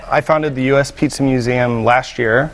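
A man's voice: mid-range voice, steady tone, measured pace, slight background noise, poor audio. A man who founded a museum, guesting on a TV talk show and explaining his collection in a friendly way. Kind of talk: TV interview. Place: TV studio.

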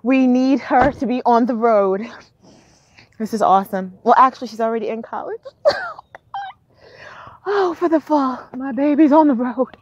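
A woman vlogging as a mother, excited and emotional, laughing and near tears. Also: high voice, normal speed, long pauses, dry recording, muffled recording. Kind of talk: excited casual vlog.

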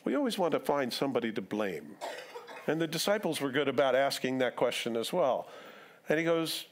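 A man's voice: mid-range voice, expressive, normal speed. A male pastor giving a casual, conversational sermon, asking his congregation questions and acting out the dialogue of the story he reads. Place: church sanctuary.

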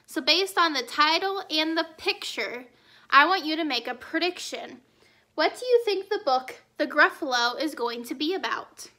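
A woman's voice: high-pitched, animated, normal speed, bright, forceful tone. A young woman teacher leading a children's read-aloud lesson, asking and answering cheerful questions.

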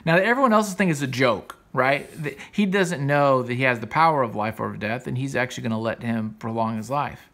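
A man's voice: mid-range voice, a little fast, few pauses, fairly bright tone. A man hosting a comics podcast, casually retelling a story in a loose, rambling way full of fillers and self-corrections.

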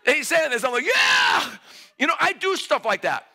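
A man preaching a sermon, telling a story, laughing and rising to shouts. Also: extremely high pitch, big pitch swings, fast talker, gravelly. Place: church hall.

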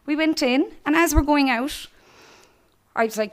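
A woman's voice: high voice, a little fast. A middle-aged Irish woman giving an earnest church testimony, speaking directly to young people. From Ireland.

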